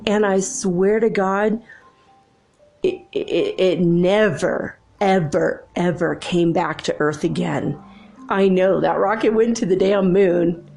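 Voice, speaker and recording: A woman's voice: on the low side, slow, vocal fry, soft background music. A woman hosting her own spiritual channel, chatting casually and telling a childhood story with frequent laughter. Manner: chatty, laughs often, lively retelling.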